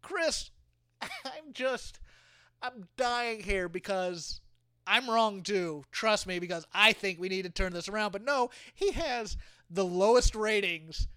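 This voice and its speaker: A man co-hosting a podcast, chatting casually, excitable and breaking into laughter as he riffs. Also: high voice, smooth, dry recording, clean studio sound. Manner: excitable, laughs a lot, riffing. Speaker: podcast co-host. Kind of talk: casual chat.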